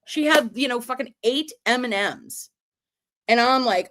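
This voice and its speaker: A woman hosting a casual livestream recap, telling a story in an animated way and swearing often. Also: a little high, a little slow. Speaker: livestream host.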